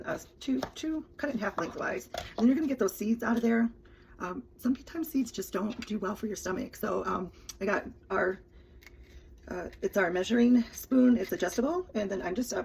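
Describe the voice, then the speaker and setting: A woman's voice: mid-range voice, creaky, a little hiss or hum, rough recording. A woman chatting through a casual cooking demo as a kitchen product consultant, with many fillers and restarts.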